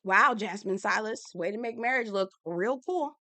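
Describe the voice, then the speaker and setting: Young woman, sassy TV recap, bright edgy tone, dry close sound. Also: mid-range voice, moderate pace, no echo. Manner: sassy, animated, acts out quoted lines. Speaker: TV recap reviewer. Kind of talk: casual reality TV recap commentary.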